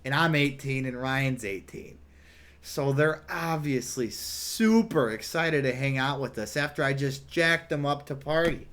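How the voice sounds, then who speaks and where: A young man casually telling a story, animated and rambling, full of "like" fillers. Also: medium pitch, unhurried. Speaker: vlogger.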